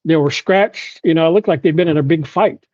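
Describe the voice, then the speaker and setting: A man's voice: fairly high pitch, a little fast, darkish tone, no echo, muffled recording. A man from Oklahoma, a podcast guest, telling a personal story with frequent "you know" and restarts.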